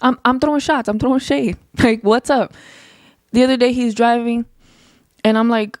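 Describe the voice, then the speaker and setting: A young woman hosting her own podcast, talking casually and passionately, her voice climbing high when she gets heated. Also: steady tone, moderate pace, pauses often, a little mellow, no echo, clean studio sound. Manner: passionate, emphatic, rises into heated rants. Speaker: podcast host. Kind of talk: casual solo podcast monologue.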